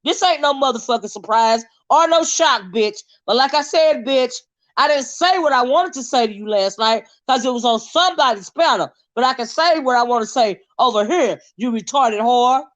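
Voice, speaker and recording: A woman's voice: a little high, expressive, moderate pace, highs cut off. An American woman hosting her own channel, delivering an angry, profane, confrontational rant with repeated insults. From United States. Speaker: channel host. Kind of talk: angry ranting monologue.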